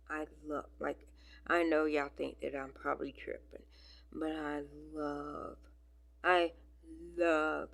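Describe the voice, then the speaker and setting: A woman chatting casually on her vlog, rambling with many fillers and dropping into soft whispers at times. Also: deep voice, creaky. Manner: rambling, filler-heavy, affectionate talk. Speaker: vlogger. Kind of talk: casual chat.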